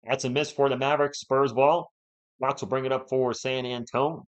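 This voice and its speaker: A man's voice: medium pitch, moderate pace, muffled recording. A man hosting a fan live stream, calling the game play by play and bantering with the chat. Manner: animated, partisan, banters with chat.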